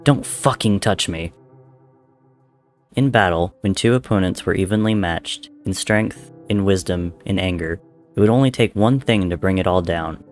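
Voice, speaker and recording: A man narrating a dark dramatic story in a measured, intense reading. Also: sits low, faint music behind.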